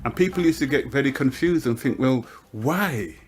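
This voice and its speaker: Older man, lively storyteller. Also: medium pitch, fast talker, husky. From Birmingham, England. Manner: animated storyteller, slips into character voices and laughs. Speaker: interviewee, poet. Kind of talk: storytelling interview. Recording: music underneath.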